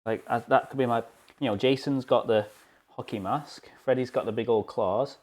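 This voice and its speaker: Speaking at a moderate pace in a mid-range voice, a young man from the United Kingdom bakes and chats casually on a live stream from his kitchen. He keeps joking about himself throughout.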